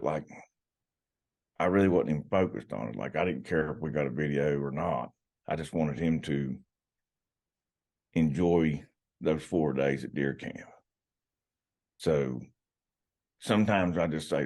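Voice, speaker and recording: A man's voice: rumbling low, unhurried, long pauses, a little mellow. A middle-aged man, a podcast guest, telling hunting stories in a rambling, folksy way with many restarts. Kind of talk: casual storytelling. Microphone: podcast microphone.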